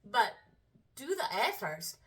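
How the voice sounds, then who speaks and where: A female vocal coach giving a singing lesson, explaining slowly in casual speech and breaking into sung phrases to demonstrate. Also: a little high, very animated, far from the mic. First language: Korean.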